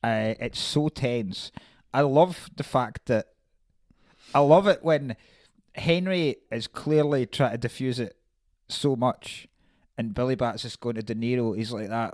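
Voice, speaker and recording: A man's voice: medium pitch, a little slow, a little mellow, dry recording. A man co-hosting a casual film podcast, animatedly acting out movie quotes with laughter. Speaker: podcast co-host.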